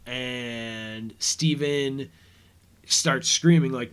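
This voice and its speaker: Male podcast host, unhurried rambling recap, mid-pitched everyday voice. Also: a bit bright, smooth. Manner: rambling, retells scenes with paraphrased quotes. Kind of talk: casual episode recap commentary.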